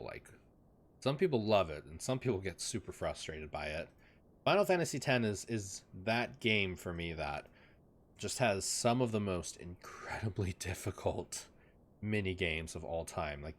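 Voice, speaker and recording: A young man chatting casually on a live game stream at his desk at home, rambling with lots of fillers and talking sweetly to his dogs. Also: low voice.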